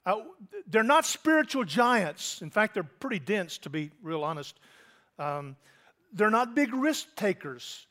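A man with a notably high voice delivers a sermon in a relaxed, conversational way. He is a middle-aged pastor who keeps turning to his listeners with direct questions. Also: unhurried. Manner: conversational, asks the congregation questions.

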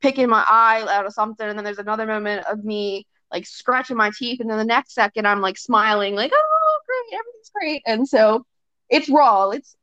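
A young woman talks casually as a podcast guest, at a middle pitch. Her talk is loose and full of fillers and quick acted-out quotes. The recording is dry and a little dull. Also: fairly even intonation, bright, forceful tone, smooth, no room sound. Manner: chatty, filler-heavy, often acts out quotes. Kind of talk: casual chat. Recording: dry, slightly dull sound.

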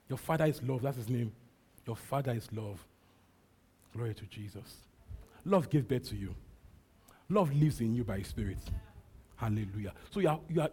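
A Nigerian man preaches in a mellow, slightly husky voice. He repeats short lines again and again and drops in hallelujahs between them. He talks like a pastor speaking straight to his church. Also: mid-range voice. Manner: repetitive preaching with frequent hallelujahs. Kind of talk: sermon.

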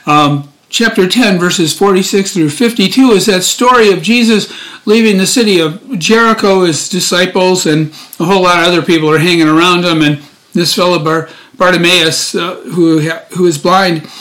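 A man's voice: high-pitched, normal speed, fairly bright tone. A deacon in his sixties giving a chatty, informal daily gospel reflection, full of fillers and restarts.

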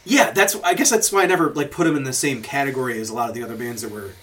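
A man's voice: mid-range voice, rapid-fire, a bit bright. A man hosting a podcast, chatting casually and rambling through stories with frequent swearing and laughter. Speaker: podcast host. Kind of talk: casual chat.

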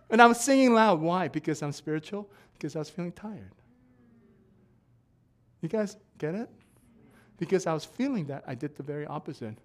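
Pastor mid-sermon, big swings from shouting to soft joking asides. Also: male voice, sits high, expressive, moderate pace, long pauses. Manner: swings from quiet asides to shouted preaching, laughing. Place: church.

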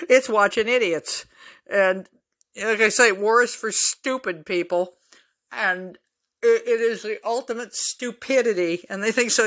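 A woman's voice: medium pitch, sharp tone. A woman hosting her own podcast in a casual solo monologue, blunt and opinionated, swearing freely and chuckling at her own asides. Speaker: podcast host.

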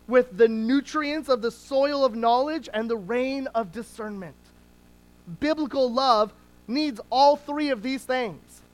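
A preacher and parent giving a sermon in a conversational teaching tone, with small restarts, slowing down to stress key words. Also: medium pitch, rough recording. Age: adult parent.

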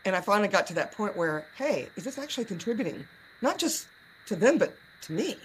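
A woman's voice: medium pitch, big pitch swings, fairly quick, slight background noise. A woman hosting a podcast in a playful, gushing, casual way, sometimes hamming up a put-on Southern drawl. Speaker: podcast host. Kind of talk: casual chat.

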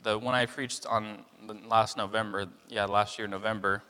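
A young man delivers a relaxed, talky sermon with a lowish voice. He leans on fillers and slips into other people's voices as he goes. The sound carries a long reverb from the room. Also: moderate pace, smooth. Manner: conversational, many fillers, acts out voices of people in the story. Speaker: preacher. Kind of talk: casual sermon.

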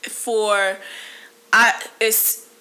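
A woman's voice: mid-range voice, little pitch movement, drawn-out words, pushed and bright. A woman in her late twenties hosting a solo podcast, talking candidly in a rambling, casual way with many fillers and restarts. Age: 20s. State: briefly emotional. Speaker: podcast host.

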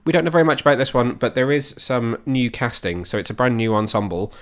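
Male podcast host, mid-pitched, casual and joking while rattling off film news. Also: animated, quick pace.

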